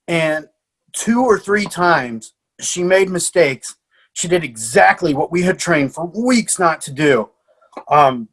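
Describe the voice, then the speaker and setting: Coach guest, male, higher-pitched, animated and laughing through his stories. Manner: lively anecdotes with frequent laughs and fillers. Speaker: martial arts coach. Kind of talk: animated storytelling in a podcast interview.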